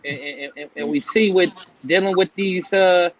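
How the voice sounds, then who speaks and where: A man's voice: high voice, moderate pace, poor audio. A man joining a casual live-stream chat as a panel guest, talking at length and peppering his speech with fillers like "man".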